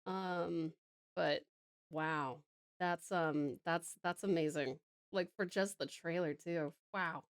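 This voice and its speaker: A woman's voice: lowish voice, fairly even intonation, slow pace, no room sound, clean studio sound. A woman in her thirties, a streamer chatting with viewers while she draws, rambling and giggling with lots of fillers. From Tasmania, Australia. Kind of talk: casual chat with viewers while drawing.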